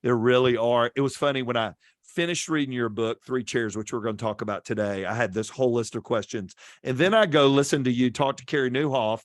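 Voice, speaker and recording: A man hosting a podcast interview, friendly and unhurried when he asks his questions. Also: medium pitch, no room sound, studio quality. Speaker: podcast host.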